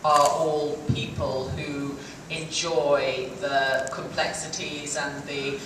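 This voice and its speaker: A woman guest at a fan Q&A talks slowly and chattily, laughing and restarting her sentences. She is picked up from far off in a very echoey hall, with steady noise behind her. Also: deep voice. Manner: chatty, laughing, self-interrupting. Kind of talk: fan convention Q&A.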